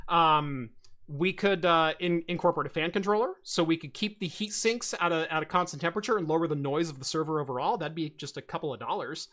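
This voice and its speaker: A man's voice: a little high, quick pace. A man hosting a casual tech podcast, telling stories in a rambling way with lots of fillers and restarts. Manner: rambling, many fillers and restarts, animated storytelling. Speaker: podcast host.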